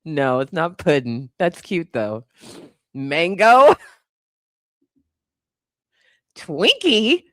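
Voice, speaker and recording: A young woman chatting on a livestream, reacting to her viewers with frequent laughter and playful swearing. Her pitch swings widely while her delivery stays slow and loose. The sound is close and dry. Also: huge pitch swings, fairly bright tone, dry recording. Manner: laughs often, reacts playfully to chat guesses; swears casually, teasing. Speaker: livestream host reading chat. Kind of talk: casual livestream chat.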